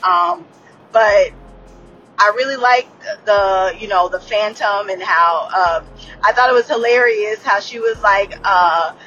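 A woman's voice: medium pitch, a little slow, pushed and bright, highs cut off, faint music behind. A woman in her late thirties recapping a TV episode in a casual, candid way, swearing freely, laughing often and restarting her sentences. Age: late 30s. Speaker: TV episode reviewer.

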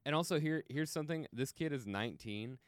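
A man with a smooth, resonant voice, recorded dry and close. He talks in loose, animated podcast chat, often laughing and quoting his own reactions. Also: fairly high pitch, fairly quick, no echo. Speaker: podcast co-host. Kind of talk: casual chat.

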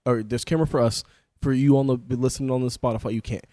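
A young man co-hosting a comedy podcast, telling loud, animated stories with lots of swearing and laughter. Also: medium pitch, quick pace, no echo, studio quality. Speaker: podcast co-host. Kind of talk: casual comedic banter.

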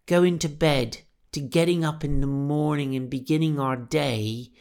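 A man's voice: a little high, fairly even intonation, measured pace, creaky, a little mellow. A man giving a reflective devotional talk on a Bible passage, retelling the scenes in the voices of the people in it. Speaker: preacher.

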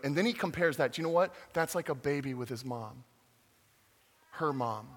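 A man's voice: medium pitch, normal speed, long pauses, in a large hall. A man giving a playful, interactive sermon to children and adults at church, drawing the audience in with questions. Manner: playful, interactive, acts out voices. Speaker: children's pastor. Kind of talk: animated family sermon to kids and adults.

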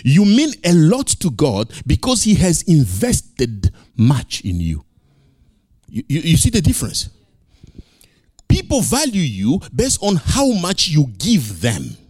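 A man's voice: a little high, huge pitch swings, takes it slowly, darkish tone, slightly rough, no echo, studio quality. A male pastor preaching a sermon, emphatic and repeating key phrases.

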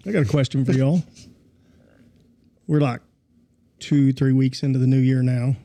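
A man's voice: mid-range voice, little pitch movement, normal speed, dark tone. A man, co-hosting a podcast and chatting easily, steering talk with questions. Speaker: podcast co-host. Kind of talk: casual chat.

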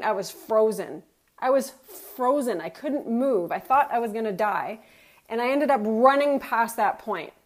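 A middle-aged woman, a motivational speaker, telling a personal story and acting out her own thoughts. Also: a little high. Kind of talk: personal story told to an audience.

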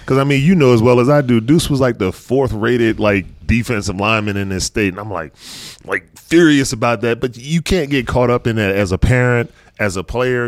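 Male host, mid-pitched, chatty, agreeable, dry studio sound. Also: no room sound. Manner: chatty, agreeable, quick back-channels. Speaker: podcast host, football parent. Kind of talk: casual interview chat.

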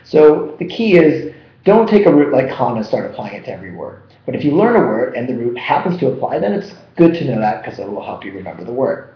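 Male vocabulary teacher, animated and jokey, roomy dull recording. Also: mid-range voice, brisk. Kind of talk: energetic vocabulary lesson.

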